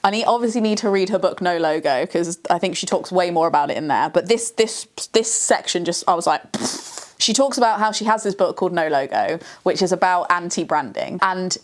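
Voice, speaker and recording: A woman talks to camera in a reflective vlog, her voice sitting on the lower side. She thinks aloud, musing, circling back and restarting her sentences as ideas form. The delivery is conversational and unscripted. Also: fairly quick, few pauses. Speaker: video creator.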